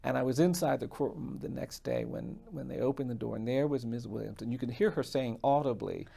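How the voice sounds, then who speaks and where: A man, a defense attorney, telling a story in an interview in an earnest, measured way. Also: mid-range voice, sing-song, creaky, mellow.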